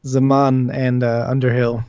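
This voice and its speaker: A man runs a tabletop game, describing the scene in halting bits. His voice sits at mid pitch and the audio is dry and dull. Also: monotone, mellow, smooth, no echo. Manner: hesitant, many ums. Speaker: dungeon master. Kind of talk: narrating a live tabletop game.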